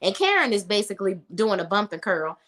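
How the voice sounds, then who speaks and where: Sassy woman recapping a tv episode, lively swooping pitch. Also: fairly quick. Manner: sassy, blunt, acts out characters' lines. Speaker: TV recap commentator.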